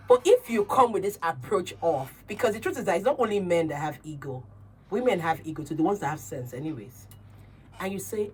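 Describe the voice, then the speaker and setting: A woman's voice: fairly low pitch, a little fast, distant mic, a little hiss or hum. Assertive Nigerian woman radio host. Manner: assertive, animated, acts out quoted dialogue. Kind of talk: casual radio chat.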